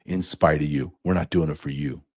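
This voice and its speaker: This impassioned podcast monologue comes from a middle-aged male host, angry, profane, and stuffed with rhetorical questions. His very deep, slightly rough voice moves a little fast with fairly even intonation.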